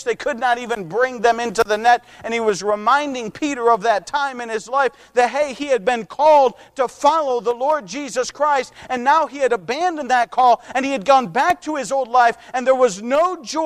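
High-voiced preacher, slow scripture reading. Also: male voice. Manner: reads scripture slowly and drawn out, then preaches with emphatic rises. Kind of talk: sermon.

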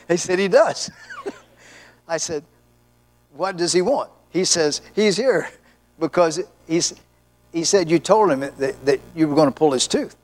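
A middle-aged male pastor preaching a sermon, telling stories and acting out the voices of the people in them. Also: a little high. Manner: animated storyteller, acts out voices in anecdotes. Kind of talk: sermon with storytelling.

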